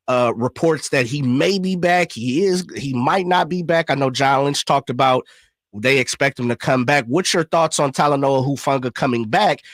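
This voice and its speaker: A man's voice: a little high, fairly bright tone, no echo, studio quality. A man co-hosting a sports radio show, laid-back and teasing as he asks questions. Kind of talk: casual sports radio talk.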